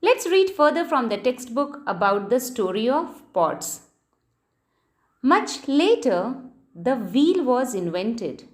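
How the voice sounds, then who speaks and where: A woman teacher, reading a textbook lesson to children and spelling out key words letter by letter. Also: high-pitched.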